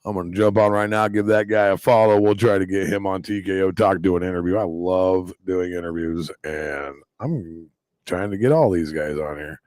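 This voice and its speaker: A man with a lowish voice runs a live reaction stream, firing off quick exclamations and rambling asides. The sound is dry and close, with no room around it. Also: fairly even intonation, darkish tone, no room sound.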